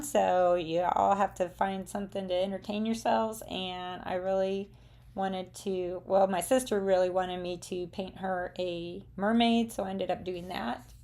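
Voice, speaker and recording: Her voice is mid-range, gravelly, and darkish in tone. This middle-aged Southern woman runs a live craft demo for viewers, talking casually with frequent ums and a bit of rambling.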